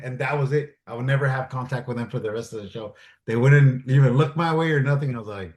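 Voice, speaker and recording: A man's voice: mid-range voice, quick pace, a little mellow. A man in casual interview chat, telling stories animatedly, acting out quoted dialogue and swearing freely. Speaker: guest, military advisor and stuntman. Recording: roomy echo.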